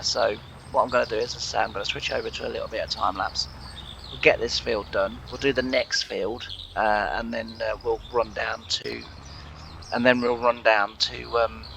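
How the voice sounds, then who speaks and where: A man's voice: on the low side, gravelly, sharp tone, a little hiss or hum. An English man with a sore throat, chatting casually over a farming game with lots of fillers and restarts. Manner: rambling, many fillers and restarts. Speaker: gaming channel host. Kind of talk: casual let's play commentary.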